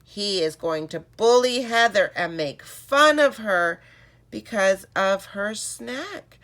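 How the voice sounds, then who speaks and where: A woman reading a story aloud to children, calling them friends in an animated way. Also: medium pitch, takes it slowly. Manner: addresses listeners as friends, animated.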